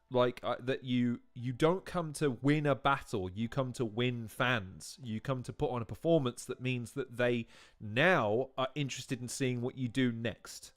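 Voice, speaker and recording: A man hosting a watch-along, commenting casually on a video with frequent laughter and rambling asides. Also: mid-range voice. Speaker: host.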